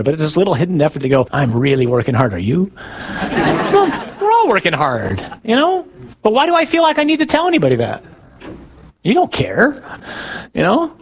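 A priest delivering a sermon in a casual, conversational way, with self-deprecating asides to his listeners. His voice sits a little high for a man.

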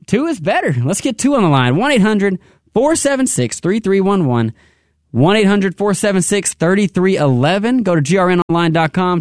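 High-voiced upbeat radio fundraiser man. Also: no echo, clean studio sound. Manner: upbeat, repeats phone number slowly. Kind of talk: on-air pledge drive appeal. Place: radio studio.

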